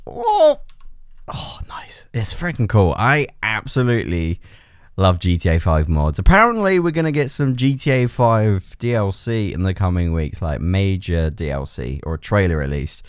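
A young man talks over his gameplay in a low but wildly animated voice. He gets excitable, laughs a lot and swears freely as he goes. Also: moderate pace, smooth, dry recording, clean studio sound. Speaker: gaming YouTuber. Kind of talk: gameplay commentary.

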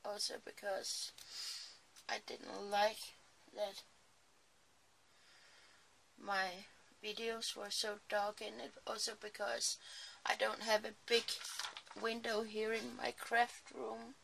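A crafting vlogger talks slowly and sleepily early in the morning from her small home craft room, with slight background noise. Her mid-range voice is flat, creaky, and a bit bright, and she rambles casually with apologetic asides.

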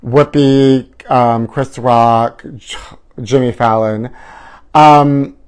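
A man's voice: mid-range voice, fairly even intonation, very slow, darkish tone, clear, resonant tone. A man hosting a live gossip show, flamboyant and sing-song, calling his viewers honey. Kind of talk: campy live-stream gossip chat.

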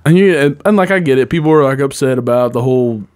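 A man co-hosting a podcast, talking in rambling, profane, excitable banter. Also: medium pitch, fast, clear, resonant tone. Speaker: podcast co-host.

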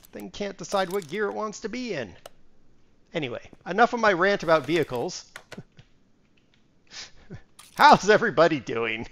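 A streamer chats casually with viewers during a live game, rambling, talking to himself and muttering part numbers. His voice is high, a bit bright and very animated, at a moderate pace broken by long pauses. There's slight background noise.

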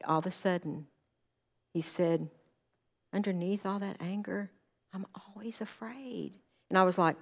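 A woman's voice: lowish voice, darkish tone. A woman counselor giving a conversational church talk, earnest and full of stories. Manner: earnest, anecdotal, acts out quoted dialogue.

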